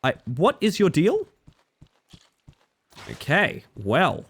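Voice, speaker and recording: A man's voice: fairly high pitch, huge pitch swings, very slow, a bit bright, breathy edge. A young man from Western Australia with a Western Australian accent tinged with British, chatting playfully with viewers while gaming on a live stream.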